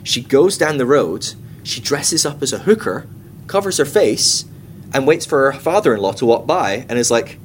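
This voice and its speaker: A man teaching a Bible study group in a relaxed, talky way, at a mid-range pitch. He breaks into comic asides and acts out short quotes. A faint noise with a low rumble sits under his voice. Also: normal speed. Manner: chatty and irreverent, with comic asides and acted-out quotes. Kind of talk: casual classroom teaching.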